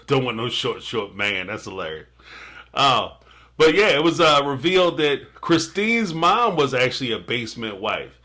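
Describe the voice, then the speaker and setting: A man's voice: medium pitch, bright, forceful tone. A man hosting a casual live stream, reacting to a TV episode and reading out viewer super chats with jokes, playful asides and frequent laughter.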